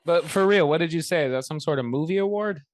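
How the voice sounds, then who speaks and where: A man co-hosting a loose movie podcast, blunt and foul-mouthed, forever cutting in to tease his partner. His voice sits a little higher than most men's. The sound is close and dry, with no room around it. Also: quick pace, dry recording. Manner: blunt, crude, teasing interruptions. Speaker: podcast co-host. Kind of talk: casual film-review chat.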